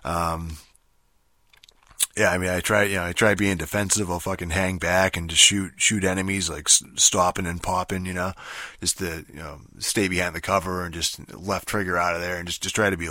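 A man giving a casual, rambling spoken review of a video game, swearing often and filling pauses with um and you know. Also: sits low, bright, forceful tone, no room sound, studio quality. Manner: rambling, profane, many fillers and restarts.

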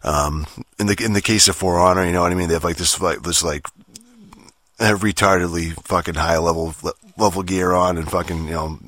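A man's voice: low-pitched, steady tone, fairly quick, a bit bright, no room sound, clean studio sound. A young man rambling through a casual, profane gaming rant, full of fillers and restarts. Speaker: gamer vlogger.

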